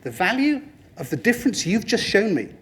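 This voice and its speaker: A man giving a lively motivational presentation to a room, addressing the audience and slipping into other people's voices for quoted lines. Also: high-pitched, brisk. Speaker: speaker at a training talk.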